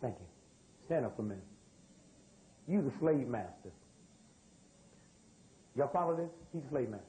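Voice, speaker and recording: This is a live lecture with call-and-response: an American man addresses a room, telling stories in a drawl with loose grammar and questioning the audience often. His mid-range, dark-toned voice is expressive, moderately paced, and marked by long pauses. Audio quality is poor.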